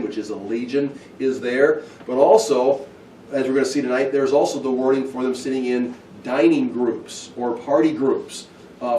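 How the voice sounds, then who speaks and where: A man teaching through a Bible passage, talking casually and acting out the scenes with lively bursts. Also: mid-range voice, slight background noise. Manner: animated, acts out scenes with excited outbursts. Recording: echoey room, heard from a distance.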